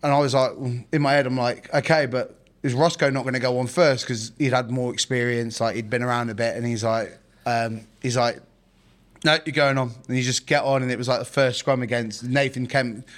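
Guy, ex rugby player, does all the voices in his story, mid-pitched and plain. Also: level tone, fairly quick. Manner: acts out quoted dialogue, laughing. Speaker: former rugby player, guest. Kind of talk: casual storytelling.

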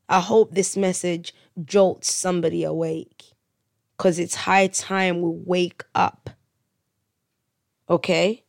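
Speaking earnestly on her podcast, a woman in her 30s tells a personal testimony that slides into preachiness, pausing to check in with listeners. Her lowish voice is gravelly, recorded in studio quality without room sound.

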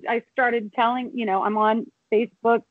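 A woman's voice: on the high side, flat delivery, no echo. Tearful woman on a tinny phone line. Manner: tearful, halting, many restarts. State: close to tears. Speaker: restaurant and bar owner. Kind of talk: emotional interview over the phone.

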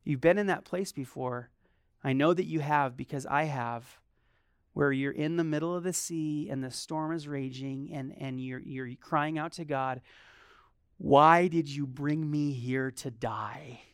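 Preacher, sermon, lively rhetorical questions, resonant clear voice. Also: medium pitch, moderate pace, dry recording, studio quality. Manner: acts out quoted complaints in a softer voice.

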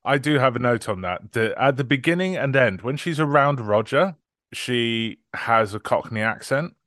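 Low-ish lively guy hosting a podcast, wry jokes, dry close sound. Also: moderate pace, no echo. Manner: wry, joking. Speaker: podcast host. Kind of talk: casual podcast chat.

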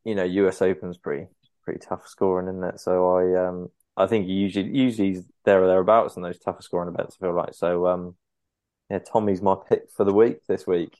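A man co-hosting a casual podcast, relaxed and chatty, with lots of "um"s. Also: deep voice, a little fast, dry recording. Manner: relaxed, chatty, hesitant fillers. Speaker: podcast co-host. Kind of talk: casual chat.

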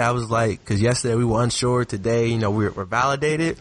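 A man's voice: medium pitch, fairly quick, dry recording. A man chatting casually on a podcast, telling stories in a loose, slangy way and laughing often. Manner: animated storyteller, laughs often; slangy, relaxed. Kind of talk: casual chat.

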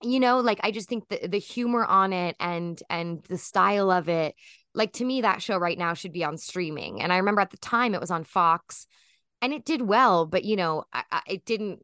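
A woman's voice: fairly low pitch, moderate pace, a bit bright, clear, resonant tone, no room sound, clean studio sound. A woman in her thirties, a guest chatting casually in an interview, rambling with lots of fillers and restarts.

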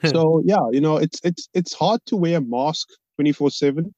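A man in a band, talking on a podcast in an articulate, measured, reflective way. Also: fairly high pitch, mellow, no echo. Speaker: band member. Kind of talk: casual podcast chat. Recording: dull, lo-fi sound.

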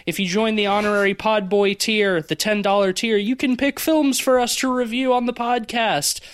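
A man's voice: sits high, steady tone, normal speed, smooth. A man co-hosting a movie podcast, chatting casually, laughing often and reading the closing plugs. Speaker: podcast co-host.

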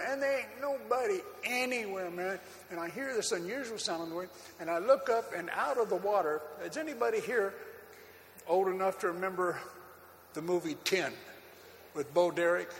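A man preaching a sermon, telling a personal story in an animated, folksy way, with frequent laughs and fillers. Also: sits high, a little hiss or hum. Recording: long hall reverb, faint background ambience.

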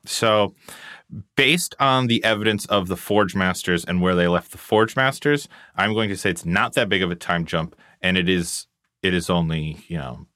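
A man's voice: low voice, normal speed, pushed and bright, no echo. A man co-hosting a podcast, chatting casually and joking irreverently. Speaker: podcast co-host. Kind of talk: casual chat.

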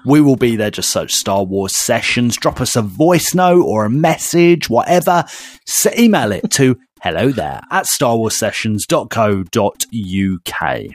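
A man's voice: medium pitch, very animated, a little slow, no room sound. A man co-hosting a casual podcast, teasing and joking and calling people mate. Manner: jokey, teasing, calls everyone mate. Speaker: podcast co-host.

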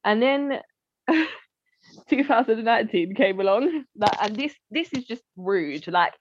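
A woman's voice: a little high, lively intonation, takes it slowly, no echo. A woman, telling a personal family story to an interviewer in a candid, heartfelt way and often acting out what relatives said. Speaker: interview guest. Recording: dry, slightly dull lo-fi sound.

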